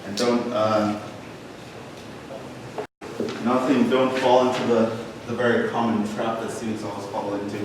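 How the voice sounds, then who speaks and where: A man's voice: on the low side, flat delivery, unhurried, long pauses. A man teaching a college math class, talking to his students in a casual, encouraging way. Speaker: math lecturer. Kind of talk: classroom lecture. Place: lecture hall. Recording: very echoey hall, voice from a distance, faint noise.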